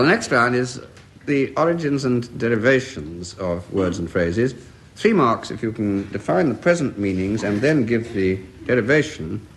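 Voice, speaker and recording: A man hosting a radio panel quiz and reading verse aloud in a measured way, enjoying the quotations. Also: medium pitch. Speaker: quiz host. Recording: faint hiss of an old radio tape. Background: studio audience laughter.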